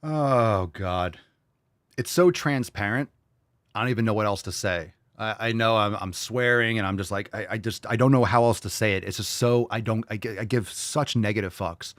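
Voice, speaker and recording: A man's voice: lowish voice, normal speed, fairly bright tone, no echo, clean studio sound. A man hosting a podcast, reacting to clips with mocking, profane, ranting political commentary. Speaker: podcast host.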